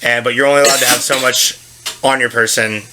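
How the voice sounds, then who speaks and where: A man hosting a casual chat, telling stories with lots of swearing and loud put-on voices. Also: medium pitch, quick pace. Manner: storytelling, swearing, loud animated impressions. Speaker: podcast host. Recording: faint background noise.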